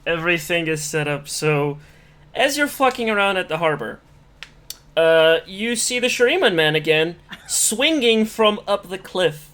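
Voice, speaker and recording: A man's voice: sits high, animated, a little slow, a bit bright. A man running a tabletop game as game master, rambling and swearing casually while he sets up the map.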